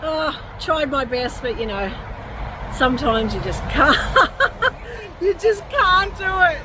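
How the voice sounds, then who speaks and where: A woman's voice: high voice, lively intonation, takes it slowly, crowd noise. An Australian woman vlogging about urban exploring in a casual, giggly, self-deprecating way, recorded outdoors beside a busy road. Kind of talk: casual vlog chat. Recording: outdoor recording with clear traffic noise.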